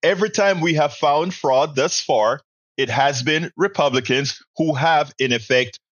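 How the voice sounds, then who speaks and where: This opinionated man runs a laid-back live call-in show, reading chat messages and responding to each with firm views. He speaks at a measured pace in a fairly high, slightly bright voice; the recording has no room sound and the highs are cut off.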